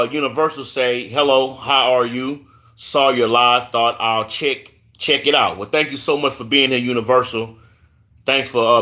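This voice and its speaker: A man's voice: medium pitch, bright, forceful tone. A man from Houston with a Southern accent, hosting a casual live stream and reading viewer comments aloud, often stumbling on names and repeating words. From Houston, Texas.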